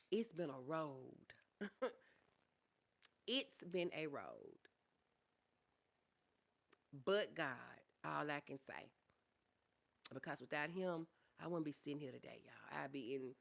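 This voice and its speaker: A middle-aged woman on a casual livestream who reads viewer comments aloud, calls her viewers honey and y'all, and speaks openly and softly about grief. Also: sits low, creaky. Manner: talks openly about grief, softening and trailing off.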